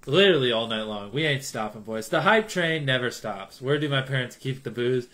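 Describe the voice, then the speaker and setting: A young man chatting casually on a livestream, joking with his chat, swinging between loud hype and low mumbles. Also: animated, a little fast.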